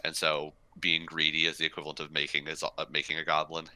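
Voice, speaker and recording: A man's voice: rumbling low, monotone, quick pace, bright, forceful tone. A man co-hosting a podcast, eagerly explaining fantasy lore and recapping an anime in casual chat, swearing freely. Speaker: podcast co-host.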